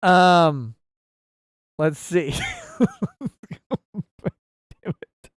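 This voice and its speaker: A man's voice: a little high, drawn-out words, smooth, dry recording, clean studio sound. A man hosting a casual livestream talk show and reading viewer messages aloud with sarcasm and mock outrage.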